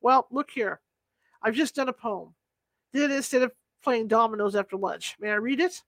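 A woman's voice: fairly high pitch, normal speed, no echo, lightly acted. A woman voicing an eager, touchy young male clerk who writes poems, in an audiobook reading, chatty and eager.

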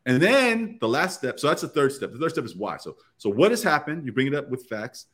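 A man of middle pitch sits in on a round-table podcast as a guest. He explains things step by step in a loose, conversational way. He keeps slipping into brief acted-out exchanges to make his points. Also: very animated, fairly quick, fairly bright tone. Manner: explains step by step, often acting out quoted dialogue.

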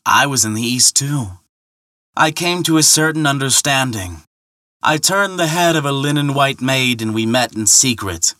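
A sly old gray-bearded ferryman, played by a male storyteller, jeering in a smooth, scathing way. His voice is bright and sharp. The sound is dry and close to the mic. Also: mid-range voice, lively intonation, moderate pace, dry recording, pitched above the performer's own voice. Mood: taunting. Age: older.

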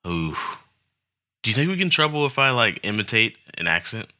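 Low guy with a sharp bright voice, rambly jokey podcast host riffing on crypto headlines. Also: big pitch swings, brisk. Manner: joking, rambling, self-conscious asides. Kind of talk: casual crypto news chat.

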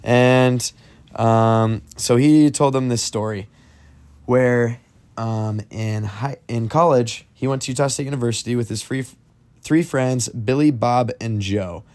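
A young man spins a spooky story for his friends on a podcast, rambling casually and filling it with "like" and "um." His voice is medium-pitched and a bit mellow, with a measured pace.

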